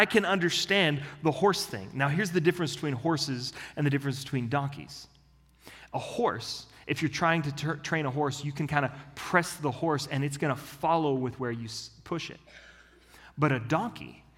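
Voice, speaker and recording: A male pastor preaching a sermon in an animated, self-mocking, conversational way. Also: a little high. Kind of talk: sermon with storytelling. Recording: long reverb of a large hall.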